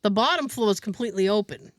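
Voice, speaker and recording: A woman podcast host telling an animated story in casual chat, laughing often. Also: mid-range voice, fast, no room sound, clean studio sound.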